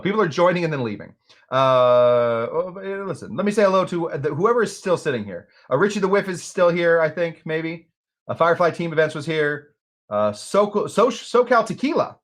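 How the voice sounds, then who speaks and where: A man's voice: fairly high pitch, a bit bright. A man hosting a live cocktail-making stream, talking casually and rambling with lots of fillers and asides. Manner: rambling, chatty, self-deprecating, with many fillers. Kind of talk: casual livestream chat while mixing drinks.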